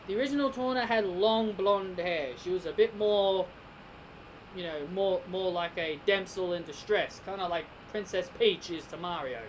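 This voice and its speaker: A man's voice: high voice, a bit bright, slight background noise, poor audio. A man with an Australian accent giving a casual spoken game review, rambling and speculating as he thinks aloud.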